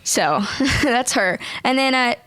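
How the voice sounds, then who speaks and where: A young woman, a ventriloquist guest, chatting in an interview, bubbly and quick to laugh as she tells stories. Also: high-pitched, lively intonation, a bit bright, smooth, no echo. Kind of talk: casual interview chat.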